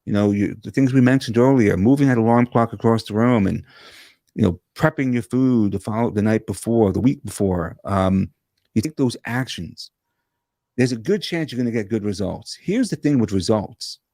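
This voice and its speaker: Guy on a video call telling stories super fast and lively, lots of restarts, dry sound. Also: lowish voice, no echo. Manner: fast, animated talker with frequent restarts. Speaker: guest speaker and coach. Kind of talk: energetic conversational storytelling.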